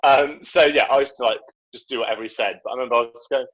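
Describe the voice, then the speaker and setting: Speaking very fast in a fairly bright, medium-pitched voice with fairly even intonation, a young man recounts a childhood story as a podcast guest. He's chatty, laughs a lot, and performs the voices he quotes, all on dull lo-fi audio.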